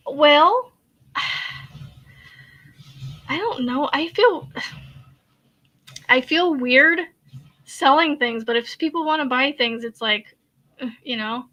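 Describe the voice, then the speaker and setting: A woman chats casually while crocheting, rambling and hesitant, trailing off into fillers and sighs. Her voice sits a little high and comes across bright and forward. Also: animated, slow pace, long pauses, lo-fi sound. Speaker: crochet channel host.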